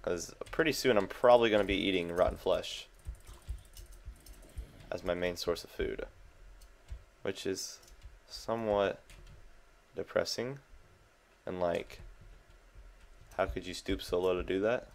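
A young man hosts a gaming video, his low, gravelly voice moving a little slowly and pausing often. He chats casually and seems amused with himself, reacting jumpily to the game as keyboard clicks sound behind him.

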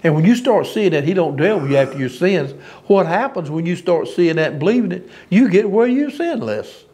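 A man's voice: sits high, big pitch swings, fairly quick, darkish tone. A man preaching an informal sermon, folksy and emphatic, often laughing at his own lines.

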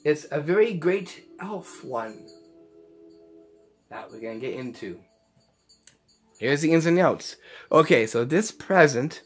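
A man's voice: fairly high pitch, animated, slow pace, long pauses, slightly rough. A man hosting a casual magic tutorial, rambling along and often repeating phrases. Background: faint Christmas music.

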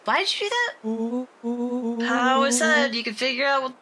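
A woman streaming a game, reading its dialogue aloud in a lively, playful way, over loud game music. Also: high voice, moderate pace, slight background noise.

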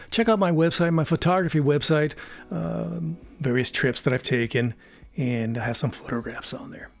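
A man in his seventies from California, rambling through a casual unboxing review at home, pausing often on fillers and chuckling. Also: on the high side, creaky. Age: 70s. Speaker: YouTube product reviewer.

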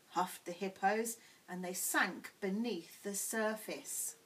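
A woman teacher reading a children's picture book aloud in a clear, expressive bedtime-story way. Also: medium pitch, slow pace, rough recording. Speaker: primary school teacher.

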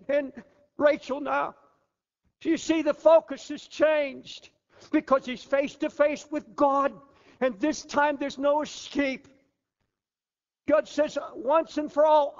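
An older man delivers a fervent sermon from the pulpit in a very high voice. The sound is dull and lo-fi, and a long hall reverb trails each phrase. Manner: fervent preaching, drops low and quiet for the voice of the flesh. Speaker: pastor.

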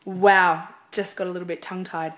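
A chatty woman records a casual video blog from a theatre dressing room. She rambles easily, filling the gaps with "um" and "yeah." Her voice sits at an ordinary, mid-range pitch. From Australia. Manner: chatty, rambling, lots of fillers. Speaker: singer.

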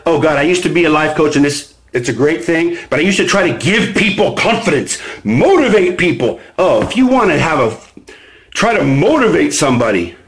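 A man hosting a live stream, reading from his own book and preaching self-understanding, swinging between low chatty asides and loud emphatic bursts. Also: big pitch swings, normal speed, low-quality recording. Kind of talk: motivational live stream talk. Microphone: phone or webcam on a live stream.

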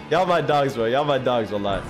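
A man streaming a video game live, chatting casually and excitedly with his viewers in slang and thanking them constantly. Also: mid-range voice. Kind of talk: casual live-stream chat while gaming.

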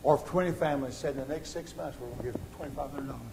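A man preaching a sermon as pastor, surging to loud exhortation and sinking to quiet appeals. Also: racing, vocal fry, noisy background. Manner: impassioned, rising to loud exhortation then dropping low. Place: church sanctuary.

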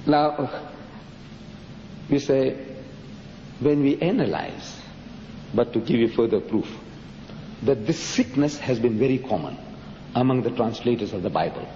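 A man from Africa, giving an emphatic public religious lecture full of rhetorical questions and dramatic pitch swings. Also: lively intonation, measured pace, pauses often, warm tone, a little hiss or hum. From South Africa. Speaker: Muslim lecturer. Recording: dull lo-fi hall recording, echoey.

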